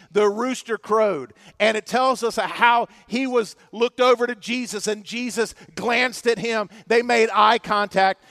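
High-voiced preaching man. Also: no echo. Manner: expressive preaching, swinging from loud to hushed. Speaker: pastor. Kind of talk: sermon. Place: church.

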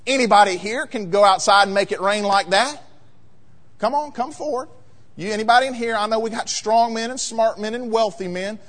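High-voiced preaching man in a big hall. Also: brisk. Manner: emphatic preaching, rising to loud peaks. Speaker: pastor. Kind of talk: sermon. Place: church sanctuary. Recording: long reverb of a large hall.

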